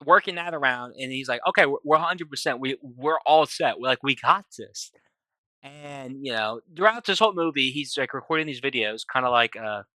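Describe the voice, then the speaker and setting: A man's voice: mid-range voice, pushed and bright, no room sound. A man casually retelling a film plot for his review channel, rambling with many fillers and restarts. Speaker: movie reviewer. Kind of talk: casual spoken movie recap.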